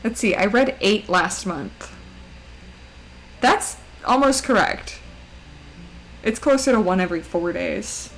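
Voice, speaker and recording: Slow and animated, with frequent pauses, a woman chats on a drawing stream in her high, mousy voice. She's playful and pokes fun at herself, and her voice cracks sometimes after a long session. The recording is low quality, with a faint hiss or hum.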